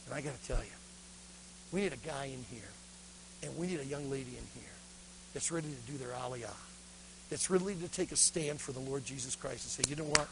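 A man preaching a sermon to a youth conference, telling a story dramatically and swinging between loud praise and hushed intensity. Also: mid-range voice, brisk, noisy background.

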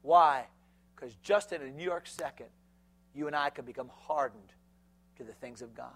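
A man preaching as pastor to a youth group, shouting one moment and dropping to a hush the next, firing rhetorical questions at his listeners. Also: mid-range voice, husky. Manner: swings between shouting and hushed near-whispers; asks the audience rapid rhetorical questions.

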